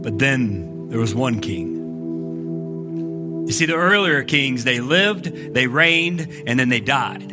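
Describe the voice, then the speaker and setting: A male pastor gives a lively, conversational sermon to a church congregation. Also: mid-range voice, takes it slowly, music in the background. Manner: energetic, conversational preaching with frequent "like". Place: church sanctuary. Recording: live church service recording.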